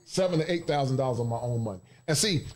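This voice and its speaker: A man's voice: medium pitch, animated, fast talker, darkish tone. Laid-back man hosting a livestream. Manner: laid-back, repeats 'man' often. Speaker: YouTube channel host. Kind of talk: casual livestream chat.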